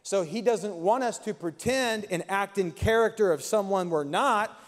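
A man's voice: high-pitched, moderate pace, big-room sound, faint music behind. A man preaching a sermon as pastor, with an impassioned, repetitive cadence in a church sanctuary.

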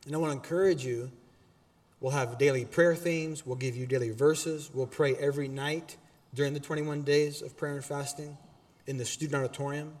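A man preaching a sermon as pastor in a church auditorium, animated and exhorting, with casual asides to the congregation. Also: a little high, normal speed, in a large hall.

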